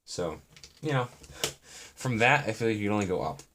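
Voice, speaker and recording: A man's voice: fairly low pitch, lively intonation, a little fast, a bit bright. A young man chatting in a meandering, self-deprecating way on a live stream while he builds. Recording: noisy, with keyboard and brick clicks.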